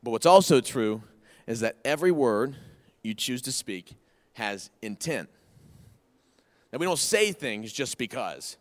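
This pastor in his thirties has a medium-pitched voice and is very animated, yet he keeps a measured pace broken by long pauses. His conversational sermon is folksy, with key phrases repeated for emphasis, and a long hall reverb echoes through the room.

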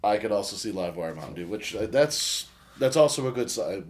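A man's voice: fairly low pitch, animated, a little fast, slight background noise. A man co-hosting a casual beer review podcast, rambling, joking and reading can labels aloud. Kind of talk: casual chat.

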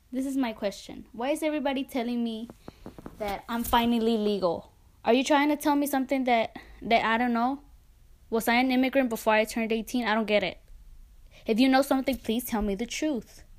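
An eighteen-year-old woman hosting a podcast, talking casually in a chatty, sarcastic way. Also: a little high. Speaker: podcast host.

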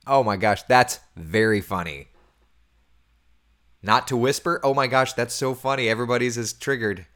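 Brisk and fairly low-pitched, a man in his thirties runs a casual morning chat where he reads out viewer comments and talks about his week. His manner is animated and chatty, full of laughter, with occasional hushed, near-whispered moments.

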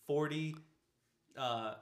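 A man's voice: a little high, very slow. Rambling young man in an echoey room. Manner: rambling, laughs often, swears casually. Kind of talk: casual chat.

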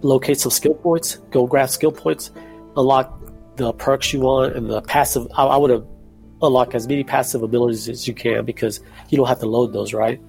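Guy, gravelly voice, chill podcast guest, faint music behind. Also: medium pitch, steady tone, moderate pace, darkish tone. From Texas. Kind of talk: casual gaming podcast chat.

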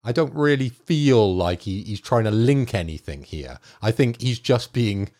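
A low-voiced man chatting on a gaming podcast. He weighs his opinions thoughtfully, and his pitch moves a lot as he talks. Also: expressive, unhurried, a little mellow. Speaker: podcast co-host. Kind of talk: casual gaming podcast chat.

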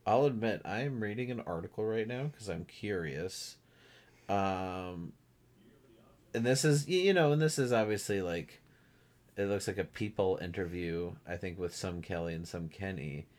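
A man in casual podcast chat, animated, laughing often and mimicking people in a lower voice. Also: normal speed. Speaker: podcast co-host. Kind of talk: casual chat recapping a reality show.

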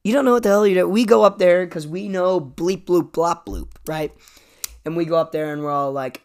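A high-pitched young man hosts a podcast, launching into a sarcastic comedic rant at a moderate pace. His monologue is packed with swearing and constant "like" and "dude."

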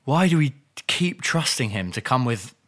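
Lively bright man, mock-serious banter. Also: medium pitch, normal speed. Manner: mock-serious, deadpan jokes, swears. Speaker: podcast co-host. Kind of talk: casual comedy chat.

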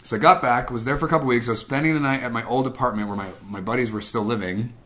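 A man from Guam shares a personal faith testimony in a casual, conversational way, often acting out what people said and leaning on "like" and "I was like." His mid-range voice is a bit bright, and he speaks at a racing pace.

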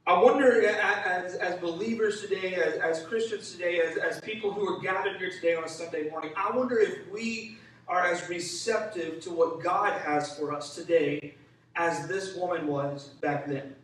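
A man's voice: high voice, normal speed, a bit bright. A male pastor preaching with energy, calling for responses from the congregation and acting out the voices of people in the story. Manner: acts out voices of biblical figures. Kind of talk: sermon. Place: church sanctuary. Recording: very echoey hall, voice from far off.

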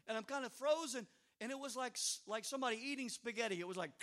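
High-voiced man preaching a lively sermon. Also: fast talker. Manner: animated storytelling with sudden loud outbursts; humorous asides. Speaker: pastor.

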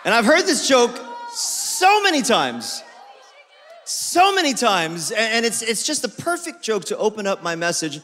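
A man's voice: high-pitched, huge pitch swings, unhurried, fairly bright tone, some chatter behind. A young man preaching a sermon as a pastor, telling jokes and stories in a playful way. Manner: playful, joking storyteller. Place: church auditorium. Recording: long reverb of a church hall.

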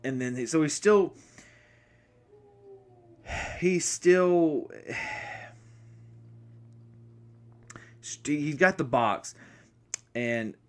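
A man's voice: fairly high pitch, extremely slow, pauses often. A man talking casually as a podcast host, going over a film from memory. His delivery rambles, with frequent restarts and self-corrections. He apologizes now and then for jumping around. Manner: speaks from memory, apologetic and excitable. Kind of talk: casual spoken movie recap.

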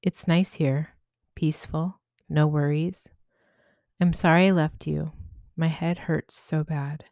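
A fearful, thoughtful young woman spirit speaks with hesitation, read by a woman narrator. The voice is low and close, with a dry, dead sound. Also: fairly even intonation, takes it slowly, darkish tone, no room sound. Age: young adult.

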